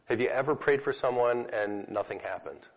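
This man speaks at a medium pitch and moderate pace, casually telling stories with fillers as he teaches a hall audience about healing prayer. The lo-fi recording sounds dull and carries the room's echo.

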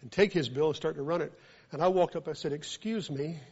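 A man with a Southern accent preaches, drifting into a lively story and swinging between quiet asides and loud bursts. His voice sits high for a man. The recording sounds dull and lo-fi. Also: brisk, slightly rough. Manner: animated, builds from quiet to loud when telling a story. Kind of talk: storytelling sermon.

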